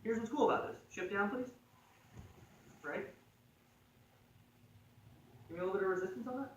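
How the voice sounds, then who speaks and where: Speaking at normal speed in a high voice, a man walks a gym class through a jiu-jitsu choke, joking around and frequently tossing in "right?" as he goes. It's relaxed, conversational technique instruction at a martial arts gym. The mic sits at a distance in an echoey room, the highs are cut off, and there's slight background noise.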